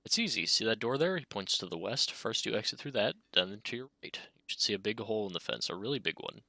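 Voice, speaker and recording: A man reading the text of a detective video game aloud in a casual, halting way, with occasional hesitations. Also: fairly low pitch, lively intonation, creaky, sharp tone, dry recording. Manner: casual, halting, reads with asides. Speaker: gaming video creator.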